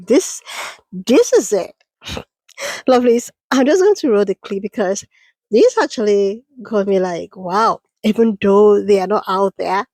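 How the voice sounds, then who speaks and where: A woman hosting her own reaction channel, greeting viewers warmly and calling them lovelies as she sets up a clip. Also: medium pitch, no room sound. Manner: cheerful, addresses viewers as lovelies, laughs often. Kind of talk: casual commentary to viewers.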